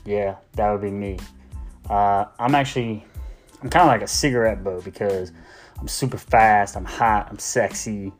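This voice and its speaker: Soft music plays behind a lowish male voice as the host of his own podcast rants humorously from a car at a moderate pace. He's rambling and exasperated, often starting over and leaning heavily on "like."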